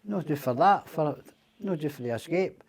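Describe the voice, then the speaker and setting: A man's voice: on the high side, lively intonation, normal speed, darkish tone. Swearing Scottish man telling stories. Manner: profane, rambling, quotes others in dialogue. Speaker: guest. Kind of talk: casual storytelling.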